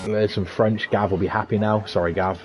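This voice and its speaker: A man with a Scouse accent commentating a sim racing league, excitable and jokey. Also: a little fast, soft background music. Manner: excitable and jokey, pitch leaping on big moments. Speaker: race commentator.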